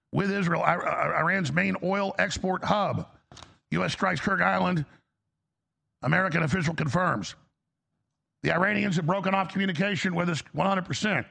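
A man's voice: sits high, vocal fry, pushed and bright, husky. A man hosting a talk show, giving a heated, emphatic political commentary monologue with frequent restarts.

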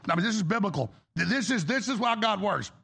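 Male talk show host, high husky gravelly voice, excitable, bright. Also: fast talker.

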